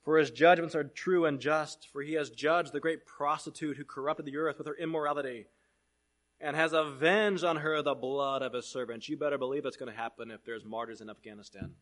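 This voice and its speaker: A man's voice: fairly high pitch, fairly even intonation, a little fast. Man preaching with dramatic swings. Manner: dramatic swings between loud proclamation and hushed asides. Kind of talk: sermon.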